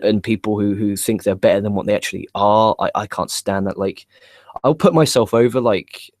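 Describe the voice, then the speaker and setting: A young man co-hosting a wrestling news show, chatting live in a rambling, excitable, profane way. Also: fairly low pitch, no echo, studio quality.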